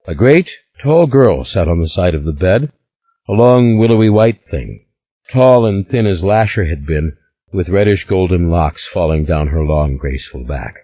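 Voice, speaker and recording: A man narrating an audiobook in a measured, dramatic way. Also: fairly low pitch, highs cut off. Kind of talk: scripted narration.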